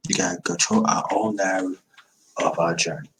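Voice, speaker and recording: A man's voice: low voice, big pitch swings, fairly quick, gravelly, a bit bright, slight background noise, poor audio. A man in his fifties hosting a livestream, giving an emphatic, repetitive motivational talk. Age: 50s. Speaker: livestream host.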